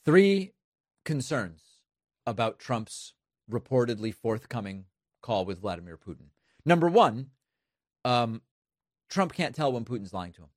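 A man's voice: medium pitch, very animated, a little slow, long pauses, dry recording. A man hosting a political commentary show, speaking emphatically and sardonically into a close mic. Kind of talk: opinion commentary.

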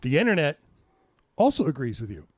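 A man's voice: fairly high pitch, big pitch swings, brisk, slightly rough, no room sound. A man co-hosting a podcast with his wife, joking and swearing freely in casual chat. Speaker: podcast co-host.

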